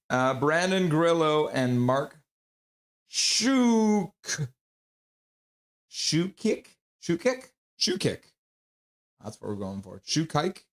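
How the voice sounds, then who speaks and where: A man hosting a casual live stream about hockey. He reads chat messages aloud and reacts to them with quick, excited exclamations. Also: mid-range voice. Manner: breaks into loud excited exclamations.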